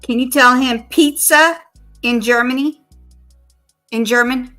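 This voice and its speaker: Woman streamer chatting w an ai, kinda high bright voice, slow, spells stuff out letter by letter. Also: fairly even intonation, faint music behind. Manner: slowly spells out letters one by one. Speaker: live streamer. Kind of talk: casual chat with an AI assistant.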